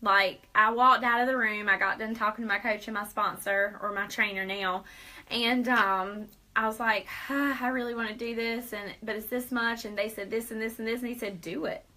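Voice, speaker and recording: A woman's voice: fairly high pitch, steady tone, normal speed, sharp tone, rough recording. A young woman hosting a live video Q&A, upbeat and persuasive, laughing often. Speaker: host.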